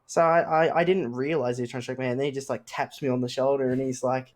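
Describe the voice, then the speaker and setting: A young man, telling animated stories and swearing often on a casual podcast. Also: medium pitch, fast talker. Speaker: podcast host. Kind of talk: casual chat.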